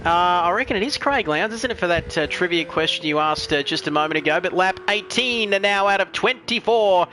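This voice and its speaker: A man's voice: high voice, lively intonation, brisk, hardly any pauses, pushed and bright. A man commentating a sim race, chatty and joking while reading out viewer messages. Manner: chatty, joking, reads chat messages aloud.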